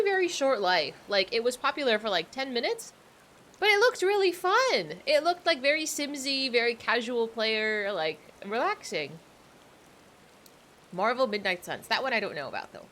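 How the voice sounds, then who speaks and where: Young woman, casual stream chat, animated pitch, bright tone, faint noise behind. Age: young adult. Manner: chatty, rambling, self-deprecating. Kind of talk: casual livestream chat while playing.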